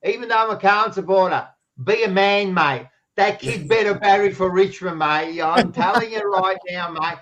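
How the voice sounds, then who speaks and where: Loud teasing Australian man, muffled sound. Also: sits high, normal speed, hardly any pauses. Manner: loud, teasing, swears freely. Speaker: podcast co-host. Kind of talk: casual footy chat.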